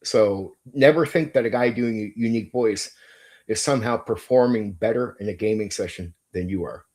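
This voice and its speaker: A middle-aged man hosts his channel with a blunt, emphatic, opinionated monologue that includes some swearing. His voice is lowish and a little mellow, at a moderate pace.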